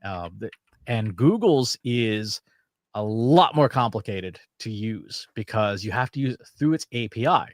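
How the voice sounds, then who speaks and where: A man's voice: on the low side, lively intonation, unhurried, dry recording, clean studio sound. Chatty man demoing tools. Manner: loose, chatty, many fillers. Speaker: co-host. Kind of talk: casual chat with tool demos.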